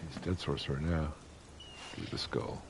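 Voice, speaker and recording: A man's voice: a bass voice, fairly even intonation, moderate pace, creaky, background noise. A man giving casual, rambling, profane commentary while playing a game, with wry asides. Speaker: gamer. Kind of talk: casual let's play commentary.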